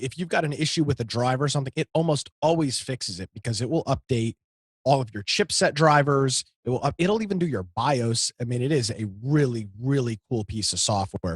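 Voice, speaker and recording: A husky-voiced man co-hosting a tech talk show, rambling through a software tip with frequent restarts and light joking. The sound is dry and close, with no room around it. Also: mid-range voice, no echo. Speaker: co-host.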